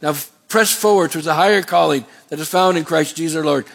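A man's voice: on the high side, fairly even intonation, brisk, creaky, hardly any pauses. A man preaching a sermon as pastor, asking the congregation call-and-response questions.

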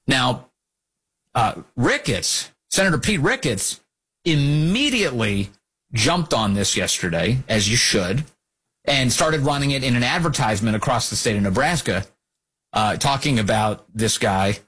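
A man hosting a political talk show, giving opinionated commentary in a mocking, animated way. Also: medium pitch, measured pace, husky. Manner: animated, mocking, acts out quotes.

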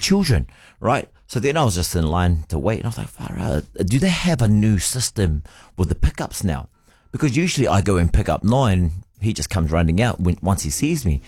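A man co-hosting breakfast radio, telling a story with lots of animation, on a studio mic. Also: no echo. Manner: animated storytelling, sliding between high and low. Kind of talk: casual on-air banter. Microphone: studio microphone.

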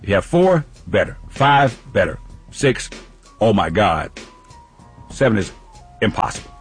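A man's voice: lowish voice, very animated, a little slow, soft background music. A man co-hosting a radio show, telling a casual story with lots of laughs.

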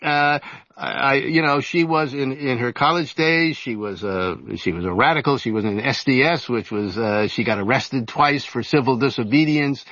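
A man's voice: mid-range voice, fairly bright tone, no echo. A man in his seventies tells long stories as an interview guest. He stumbles and restarts his sentences often. The sound is dry and a little dull. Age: 70s. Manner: halting, many fillers and restarts. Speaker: interview guest, author and journalist. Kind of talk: casual storytelling interview.

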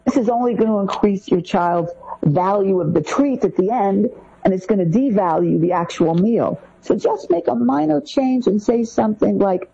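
A woman co-hosting a podcast, giving parenting advice point by point in an animated way. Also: medium pitch, normal speed, vocal fry, slightly rough. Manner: animated, lists points one by one. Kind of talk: podcast discussion. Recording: dull lo-fi sound.

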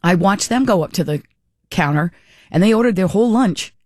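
A middle-aged woman tells a casual, meandering story in a mid-range voice that is a little mellow, lively in intonation, and slightly fast. She sounds chatty and amused, often restarting and correcting herself mid-sentence. The studio recording is clean, with no echo.

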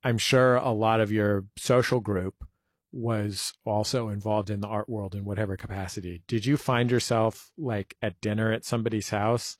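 A man's voice: fairly low pitch, level tone, moderate pace, no room sound, studio quality. A man hosting an interview, asking long framed questions with a wry, joking touch. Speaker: radio interview host. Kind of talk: conversational interview.

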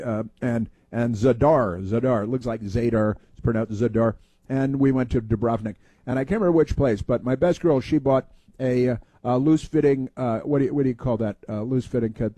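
A man with a mellow, dark voice hosts a mailbag segment in a loose, meandering monologue. He halts often, stacking fillers and restarts. The sound is dry and close. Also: medium pitch, dry recording. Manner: halting, many fillers and restarts. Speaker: podcast host answering listener mail. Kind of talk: casual rambling monologue.

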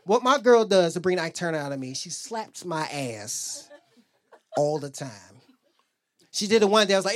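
A man's voice: sits high, lively intonation, normal speed. A man doing a stand-up set, telling loose stories and acting out both sides of his arguments on a club stage. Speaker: stand-up comedian.

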